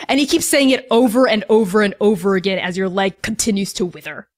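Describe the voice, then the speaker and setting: A woman's voice: medium pitch, moderate pace, hardly any pauses. A woman narrating as game master in a tabletop game, casual and full of "like"s. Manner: casual, filler-heavy narration with many "like"s.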